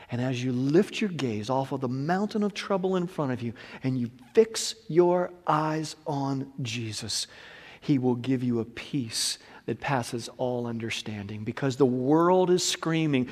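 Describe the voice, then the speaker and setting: A man preaching a sermon as pastor, moving from hushed, whispered passages to loud, shouted exhortation. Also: mid-range voice, expressive, a little slow, in a large hall.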